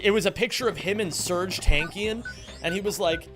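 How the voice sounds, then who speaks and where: A man's voice: high voice, moderate pace. A man streaming a speedrun, chatting casually, joking around and swearing at himself. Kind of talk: casual livestream commentary. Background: music playing.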